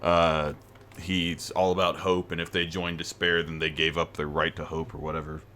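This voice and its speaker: Male streamer, low voice, rambling casual chat. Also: level tone, moderate pace, sharp tone, a little hiss or hum. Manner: rambling, with restarts and tangents.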